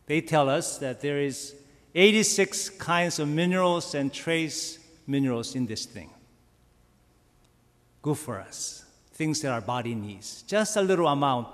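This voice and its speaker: A man preaching a sermon, slow and emphatic, asking his listeners rhetorical questions. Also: fairly high pitch. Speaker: pastor. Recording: long reverb of a church hall.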